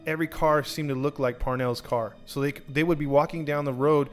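A man's voice: on the high side, steady tone, brisk, faint music behind. A man hosting a podcast, casually telling a true crime story with many restarts and acted-out quotes.

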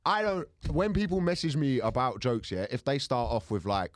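A man who co-hosts a podcast and does comedy, chatting in quick, rambling banter full of slang. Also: medium pitch, no room sound, clean studio sound. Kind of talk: casual podcast chat.

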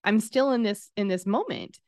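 A woman in her thirties telling a personal story in casual conversation, acting out the quoted dialogue with lively swings in her voice. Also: medium pitch, moderate pace, no room sound, studio quality. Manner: animated, acts out quoted dialogue.

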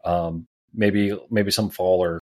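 A man's voice: deep voice, slow pace, no echo, studio quality. A man in his thirties from Wisconsin, a podcast guest talking casually and loosely, with fillers and restarts. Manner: relaxed, rambling, with fillers and restarts.

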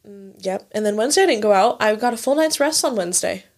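A young woman in her twenties co-hosts a laid-back chat, spinning stories in a lively, fast voice of medium pitch. She's a chatty storyteller who leans on "like" constantly and swears freely.

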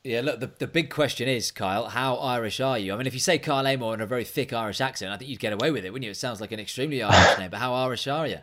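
A man's voice: mid-range voice, racing, hardly any pauses, fairly bright tone. A man hosting a casual podcast interview, upbeat as he questions his guest. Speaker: podcast host.

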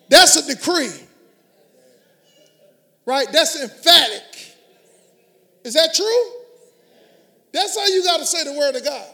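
A man's voice: very high-pitched, lively intonation, takes it slowly, long pauses, bright, forceful tone. A middle-aged man, preaching a sermon as pastor with emphatic call-and-response. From Houston area, US.

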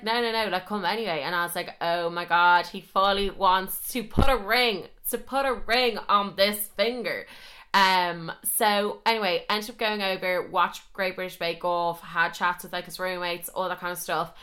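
A woman's voice: medium pitch, sharp tone. A young woman in her twenties hosting a podcast, telling a story in a chatty, casual way with lots of fillers and swearing. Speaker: podcast host.

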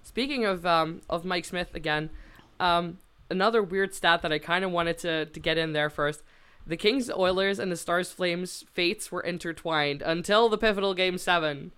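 Woman, podcast co-host, chatty and loose with fillers, very clear resonant tone. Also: lowish voice, moderate pace, a bit bright. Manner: chatty, lots of fillers, swears casually. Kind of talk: casual chat.

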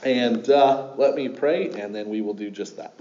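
A man's voice: mid-range voice, moderate pace, warm tone, echoey room, muffled recording. A man preaching a sermon in a church, casual and conversational, with many fillers and restarts. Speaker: pastor. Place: church sanctuary.

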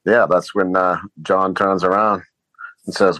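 Deep-voiced podcast co-host man. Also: little pitch movement, a little slow, bright, forceful tone, no room sound, rough recording. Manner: enthusiastic retelling with many fillers. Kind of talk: casual chat.

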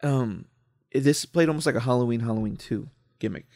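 A man in casual movie chat, excitable and profane, laughing often as he recounts scenes. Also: mid-range voice, fairly quick, dry recording, studio quality.

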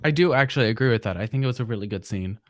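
Animated man chatting about movies. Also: mid-range voice, no echo, clean studio sound. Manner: animated, laughing, quick reactions. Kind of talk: casual film discussion.

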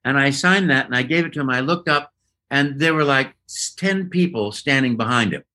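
A man being interviewed as a voice actor, with a bright, forward tone. He spins lively anecdotes and keeps leaping into high-pitched voices to act out what people said. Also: brisk. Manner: lively anecdotal storyteller who jumps into high quoted voices. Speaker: voice actor guest. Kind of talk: casual interview storytelling.

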